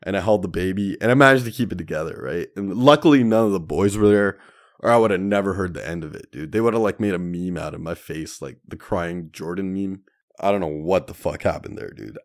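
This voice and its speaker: A man's voice: deep voice, a little fast. A young man hosting a solo podcast, telling stories in a slangy, profane way and calling listeners dude and man. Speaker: podcast host. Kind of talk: casual solo podcast monologue.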